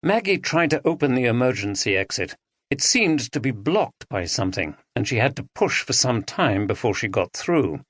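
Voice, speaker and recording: A man narrating an audiobook thriller, expressive and dramatic, on a close studio mic. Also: mid-range voice, normal speed, no echo. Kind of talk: scripted narration.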